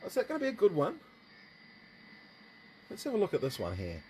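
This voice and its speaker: A man's voice: a little high, huge pitch swings, fairly quick, darkish tone. Man, New Zealand accent, casual livestream host, chatty, rambling, faint background noise. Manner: rambling, chatty, jokey asides to viewers. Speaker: livestream host and motorsport commentator.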